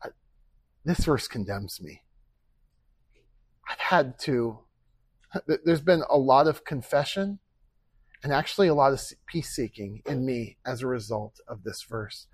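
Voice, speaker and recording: A man's voice: medium pitch, lively intonation, unhurried, long pauses, husky, no room sound. A man preaching a sermon as pastor, earnest and conversational, with rhetorical questions and acted-out quoted speech.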